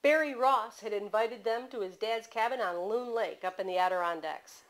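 A woman author reading aloud from her mystery novel at a bookstore, in steady storytelling narration. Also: fairly high pitch, normal speed, low-quality recording.

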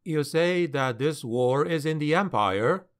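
A man's voice: fairly high pitch, lively intonation, a little slow, clear, resonant tone. A man voicing an earnest, anxious young male adventurer in an audiobook.

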